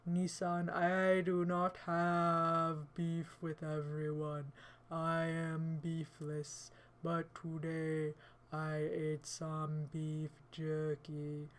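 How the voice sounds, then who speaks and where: A put-on deep man voice, as a woman streamer fakes it, dragged out very slowly and kept low. The delivery is flat with little rise and fall, playful and theatrical as it greets the viewers. It is casual livestream chat. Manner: slow, drawling, jokey and theatrical. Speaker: livestream host.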